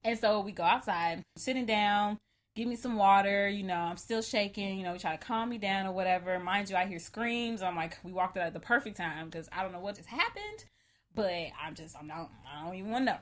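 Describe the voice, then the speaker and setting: A woman co-hosting a podcast, telling a story in a lively, animated way, laughing often and acting out what people said. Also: medium pitch, brisk. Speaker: podcast co-host. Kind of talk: casual storytelling chat.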